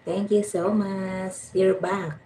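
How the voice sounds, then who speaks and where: Filipino woman, livestream host, slow unhurried delivery, faint room hum behind. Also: mid-range voice, level tone, warm tone, distant mic, poor audio. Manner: gushing, laughs often, thanks viewers by name. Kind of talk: casual livestream chat with viewers.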